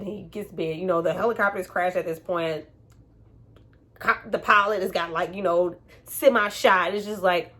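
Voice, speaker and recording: A woman casually reviewing a movie, slangy and frank, laughing often and acting out characters' lines in voices. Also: mid-range voice. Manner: animated, acts out characters' lines in funny voices.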